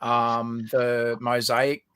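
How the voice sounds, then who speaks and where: A man's voice: medium pitch, completely flat delivery, very slow, fairly bright tone, smooth. An Australian man co-hosting a livestream, rambling and giggling, with lots of ums and restarts. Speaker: livestream co-host. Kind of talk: casual chat.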